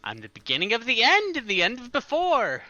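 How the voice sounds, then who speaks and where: A man's voice: extremely high pitch, huge pitch swings, fairly quick, pushed and bright, no room sound, voice pushed up, full character voice. A man voicing a giggly, mischievous female fairy who poses riddles in a gleeful singsong. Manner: gleeful, repeats her words in a singsong. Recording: dull lo-fi audio, faint music.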